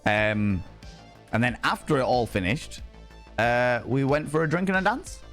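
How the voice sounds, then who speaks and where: A man's voice: medium pitch, animated, unhurried, fairly bright tone, soft background music. A young man streaming, casually telling a rowdy night-out story, swearing freely and acting out quoted voices.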